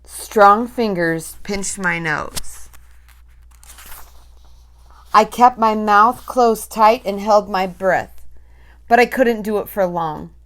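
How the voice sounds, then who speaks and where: A woman reading a storybook aloud, with slow, dramatic, breathless storytelling. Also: medium pitch, a bit bright. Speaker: reader.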